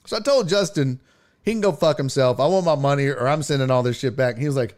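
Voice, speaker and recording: A man's voice: medium pitch, fast, a little mellow. A man hosting a casual live stream, ranting in a profane, exasperated way and slipping into mocking voices when he quotes people. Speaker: show host.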